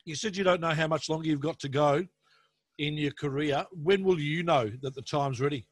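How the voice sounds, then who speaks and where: A man's voice: a little high, normal speed, no room sound. Friendly man interviewer, dry sound. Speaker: podcast interviewer. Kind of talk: casual interview questions.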